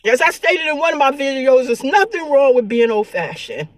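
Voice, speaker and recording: High-voiced tearful woman vlogger. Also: sing-song, moderate pace, no room sound. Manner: earnest, preachy and repetitive. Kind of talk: emotional spiritual vlog monologue.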